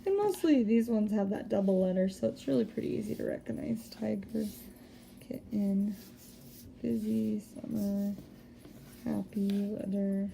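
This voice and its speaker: A woman teacher giving a recorded spelling lesson, patiently explaining step by step and sounding out words slowly. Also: medium pitch, creaky, dark tone, a little hiss or hum. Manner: slow deliberate word-by-word sounding out.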